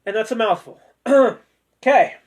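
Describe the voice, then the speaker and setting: Male host, high voice, casual joking chat with sarcastic asides, sincere streak. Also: unhurried, a little mellow. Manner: chatty and joking, with playful sarcasm. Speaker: host of a discussion video.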